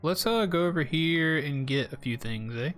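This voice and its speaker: A man's voice: fairly high pitch, expressive, normal speed, a bit bright, faint music behind. A man with a Southern US accent, rambling in casual live gameplay commentary and chatting straight to his viewers. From Southern United States. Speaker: streamer.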